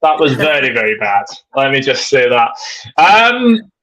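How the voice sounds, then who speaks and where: A man's voice: mid-range voice, very animated, measured pace, a bit bright, poor audio. A man hosting a live football chat stream, reading viewer comments aloud in a chatty way. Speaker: host.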